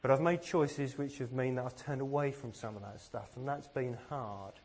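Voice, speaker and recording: A man's voice: medium pitch, moderate pace, darkish tone, breathy edge. A man from England giving a sermon, earnest and self-deprecating, with plenty of rhetorical questions. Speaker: preacher.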